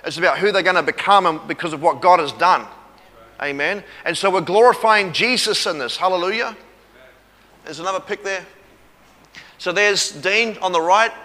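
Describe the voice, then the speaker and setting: A man's voice: on the high side, bright, forceful tone. A man preaching a sermon with testimony, earnest, repeating phrases and calling for amens. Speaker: pastor. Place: church hall. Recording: echoey hall reverb.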